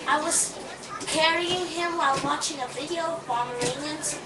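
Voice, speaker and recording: A woman chatting casually on a home webcam video, scolding her puppy and yelping out loud. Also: high voice, normal speed. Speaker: dog owner. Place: room at home. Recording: echoey, distant, noisy webcam audio.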